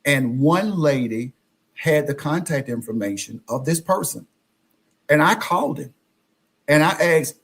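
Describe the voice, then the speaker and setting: A man who is a guest on a podcast, telling his own experiences with lively storytelling and often acting out what others said. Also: on the high side, unhurried, vocal fry, breathy edge. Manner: animated, acts out quoted exchanges. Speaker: podcast guest, social media influencer. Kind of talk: conversational storytelling.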